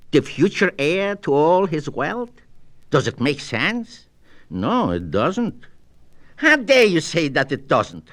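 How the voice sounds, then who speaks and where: A man's voice: on the high side, fairly bright tone. A man putting on a whining, fretful husband. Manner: agitated, pleading and indignant. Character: fretful, whining married man seeking advice. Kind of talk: storybook reading.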